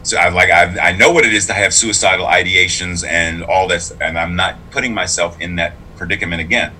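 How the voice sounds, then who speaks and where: A man's voice: sits low, fairly even intonation, brisk, sharp tone, a little hiss or hum, poor audio. A man who is both clergy and a public school teacher, speaking in a casual interview in an earnest, reflective and emphatic way.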